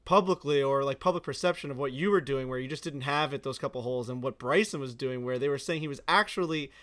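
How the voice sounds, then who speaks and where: A man hosting a casual podcast chat, asking relaxed questions with plenty of fillers. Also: mid-range voice, quick pace. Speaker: podcast host.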